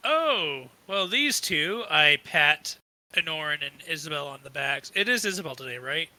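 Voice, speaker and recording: A man's voice: on the high side, lively intonation, normal speed, pushed and bright, dry recording, low-quality recording. A man playing a tabletop game, chatting in a playful, hammy way. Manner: playful, hammy in-character talk. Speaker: player.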